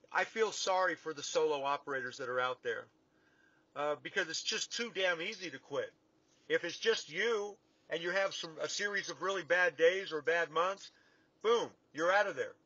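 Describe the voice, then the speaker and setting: A man's voice: high-pitched, bright, forceful tone, dry recording. A middle-aged man giving an earnest, folksy motivational talk to his clients, repeating his points for emphasis. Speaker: business coach addressing clients. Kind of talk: casual motivational talk to camera. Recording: dull lo-fi, dry sound.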